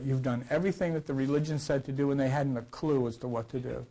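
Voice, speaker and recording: An older man teaching a scripture class in a rambling, conversational way, his voice a little rough from a recent cough and swinging between loud and quiet. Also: fairly even intonation, quick pace. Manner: rambling, conversational, with wide swings in pitch and loudness. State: recovering from a cough. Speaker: lecturer.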